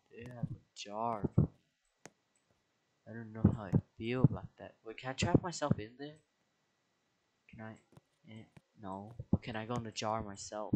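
Slow-talking excitable young man gaming. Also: fairly low pitch, low-quality recording. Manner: excitable, dramatic outbursts and squeals; slang-heavy casual talk. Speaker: gaming video creator. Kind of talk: let's play commentary.

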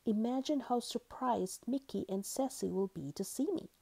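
A woman's voice: fairly high pitch, moderate pace, creaky, dark tone, husky, voice pushed up. A woman voicing a shy but brave little male seal pup in an eager, childlike voice. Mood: hopeful.

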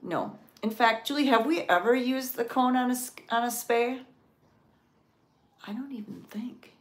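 A woman touring a cat sanctuary in a casual vlog, cooing to the cats in high baby talk and sometimes whispering. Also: a little slow.

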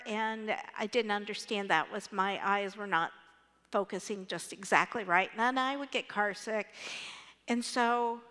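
A middle-aged woman preaching from the pulpit, her high, bright voice ringing through a large church sanctuary. She tells her story slowly and animatedly, acting out every voice she quotes. The long reverb of the hall trails behind each phrase. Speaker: pastor. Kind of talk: storytelling sermon.

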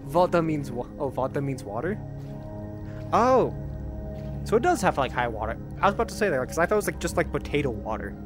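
A man's voice: on the high side, very animated, a little fast, music in the background. A man casually commenting on his own gameplay in a chatty, self-mocking way. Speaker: game streamer.

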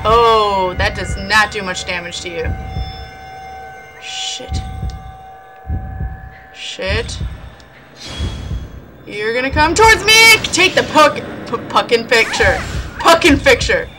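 A woman's voice: mid-range voice, very animated, slow, pauses often, poor audio. A woman casually commentating a horror game, jumpy and swearing, shrieking at scares and talking to the ghosts on screen. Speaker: gaming channel host. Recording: music playing over the voice.

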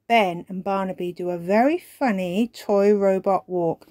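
A woman reading a children's story aloud in a slow, expressive storybook manner. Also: medium pitch, no echo. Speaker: storytime reader.

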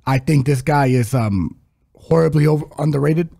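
A man's voice: a little high, moderate pace, vocal fry, mellow, no room sound, studio quality. A man co-hosting a fight betting podcast, speaking bluntly and in a laid-back way with frequent hesitations. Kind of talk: casual sports betting chat.

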